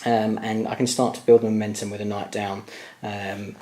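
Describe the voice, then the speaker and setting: A man's voice: lowish voice, level tone, moderate pace, dark tone. A man talking viewers through his tabletop wargame dice rolls, addressing them as guys. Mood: tired. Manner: talks to viewers as guys, hopeful and tense over rolls. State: tired late at night. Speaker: wargame player and channel host. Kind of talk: excited dice-rolling commentary to viewers.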